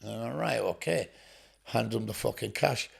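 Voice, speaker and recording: Gravelly man telling blunt stories. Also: fairly low pitch, moderate pace. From England. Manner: blunt, swearing, acts out dialogue. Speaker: podcast guest. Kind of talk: storytelling interview.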